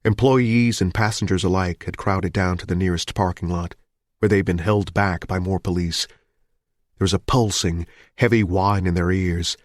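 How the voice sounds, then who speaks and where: A deep-voiced male audiobook narrator reads scripted narration in a dry, studio-quality recording.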